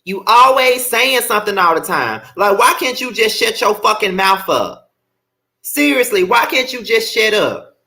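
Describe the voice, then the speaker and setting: A man's voice: sits high, big pitch swings, moderate pace, sharp tone. A man hosting a commentary vlog, talking bluntly and profanely in a ranting, heated way. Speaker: commentary channel host.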